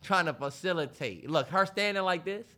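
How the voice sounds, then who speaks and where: A man co-hosting a podcast in casual chat, animated, laughing loudly and acting out what people would say. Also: high-pitched, normal speed. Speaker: podcast co-host.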